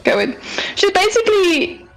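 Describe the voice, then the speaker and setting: A woman's voice: very high-pitched, very animated, normal speed, creaky, faint music behind, low-quality recording. A woman playing in a tabletop game, talking in a rambling, hesitant way. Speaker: player. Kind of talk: casual play.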